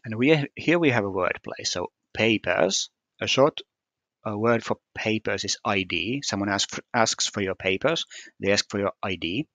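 Low-voiced man explaining puzzles methodically. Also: lively intonation, normal speed, a bit bright, dry recording. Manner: hesitant, many fillers and restarts, methodical. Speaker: puzzle solver explaining solutions. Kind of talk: screen-recorded puzzle walkthrough.

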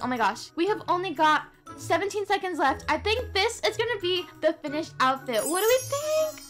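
Bubbly high-pitched Australian girl gamer. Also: a bit bright. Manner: bubbly, gasping, lots of "like" and "oh my gosh". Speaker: gaming YouTuber. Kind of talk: casual gameplay commentary. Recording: voice over game music.

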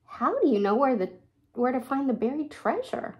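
A woman's voice: high voice, sing-song, normal speed, darkish tone. A woman voicing an eager young girl pirate in a children's storybook, asking questions. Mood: puzzled.

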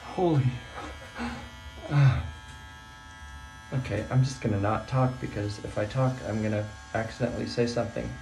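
A man's voice: medium pitch, moderate pace, creaky, long pauses, darkish tone, a little hiss or hum. A middle-aged male teacher talking casually to his phone from a small bathroom, nervous and rambling, exclaiming to himself as he goes. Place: small bathroom, sitting in a bathtub. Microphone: phone propped nearby.

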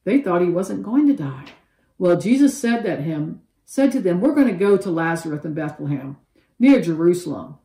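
A woman leads a children's Bible lesson in a mellow, warm voice, acting out each character as she tells the story. The room gives her voice a noticeable echo. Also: on the low side, normal speed. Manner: animated storyteller with expressive quoted voices.

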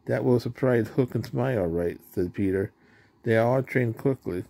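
Male storybook reader, gravelly and mellow, plain delivery with small slips. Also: lowish voice, moderate pace, a little hiss or hum. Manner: plain reading, with slips and restarts. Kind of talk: reading a children's storybook aloud.

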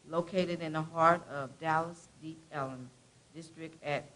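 A woman from a college staff reads a short biography at an event. She sounds casual and chatty, breaking off for quick asides between facts. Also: sits low, steady tone, fairly bright tone, low-quality recording. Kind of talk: reading a biography aloud.

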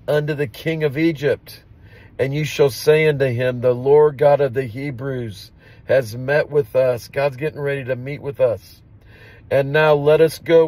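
A man's voice: mid-range voice, darkish tone. A man reading scripture aloud and preaching on it fervently in a daily devotional, ending in prayer. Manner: fervent preaching, with repeated amens.

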